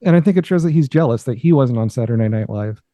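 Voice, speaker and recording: A man's voice: mid-range voice, expressive, quick pace, warm tone, dry recording. A man co-hosting a podcast, chatting in an easygoing, agreeable way. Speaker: guest co-host. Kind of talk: casual podcast commentary.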